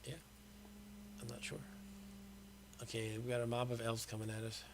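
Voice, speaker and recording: A man's voice: medium pitch, flat delivery, moderate pace, background noise. A middle-aged man hosting a game stream, patiently explaining the rules in casual commentary.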